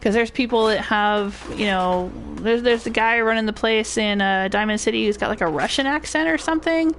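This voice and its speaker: A woman's voice: a little high, normal speed, fairly bright tone, a little hiss or hum. An older woman giving rambling, casual commentary while streaming a game and greeting chat viewers. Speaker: gaming streamer. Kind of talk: casual live gameplay commentary.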